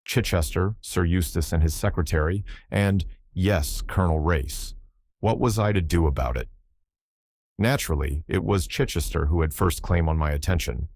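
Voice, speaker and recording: A man narrating a novel in the first person, in a measured storytelling manner. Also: deep voice, creaky, a little mellow, no room sound, studio quality. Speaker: audiobook narrator.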